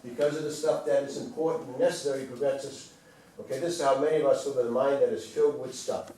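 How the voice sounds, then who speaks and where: A man's voice: mid-range voice, steady tone, quick pace, dark tone. A man presenting a wellness talk to a small group, conversational and asking the audience questions. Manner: conversational, asks the audience questions, repeats points. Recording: roomy, from far off, faint room noise.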